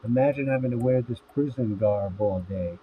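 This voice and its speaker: A man's voice: mid-range voice, moderate pace, natural voice. A man reading the lines of a sarcastic young man in jail, in a dry, plain voice. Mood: wry. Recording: tinny phone-like audio with faint hiss.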